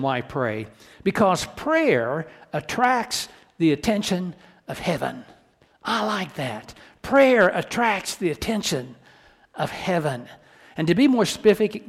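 Male pastor, fairly high voice, earnest preaching, church hall reverb. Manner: earnest preaching with rhetorical questions and repeated restarts. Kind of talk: sermon.

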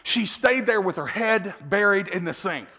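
A middle-aged man preaching a sermon, telling a family story with animated asides and chuckles. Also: sits high, moderate pace. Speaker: pastor. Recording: long hall reverb.

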